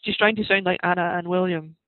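A man's voice: sits high, fairly even intonation, fast talker. A man co-hosting a podcast, chatting about a film with anecdotes. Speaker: podcast co-host. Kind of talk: casual film discussion. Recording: tinny phone-like line with faint music.

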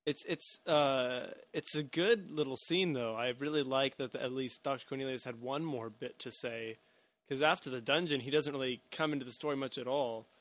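A man's voice: medium pitch, normal speed, fairly bright tone, dry recording. Rambling man podcast host. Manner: rambling, many restarts and hedges. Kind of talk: casual film discussion.

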